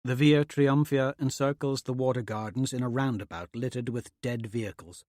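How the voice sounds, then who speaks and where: Measured male audiobook narrator. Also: mid-range voice, a little mellow, dry recording, clean studio sound. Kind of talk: scripted narration.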